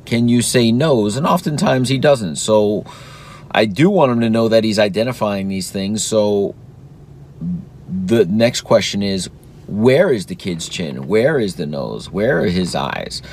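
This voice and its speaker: A man in his thirties talks casually about raising his son, earnest and encouraging. His voice sits a little low. A faint low rumble stays under the recording. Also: lively intonation, unhurried, darkish tone. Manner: earnest and encouraging, acts out sing-song praise to his toddler. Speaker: podcast host, father. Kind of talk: casual reflective talk.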